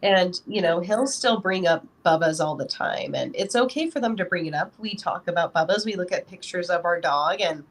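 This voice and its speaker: A woman with a fairly low, expressive voice speaks at a moderate pace with hardly any pauses. She's a guest on a podcast, chatting casually about being a parent in a rambling interview style packed with "you know" fillers.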